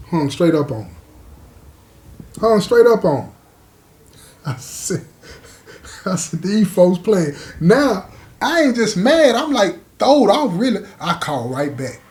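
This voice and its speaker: A man casually telling a personal story to his listeners, animated and full of asides. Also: high-pitched, a little slow, pauses often. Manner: animated, talks straight to listeners with frequent asides.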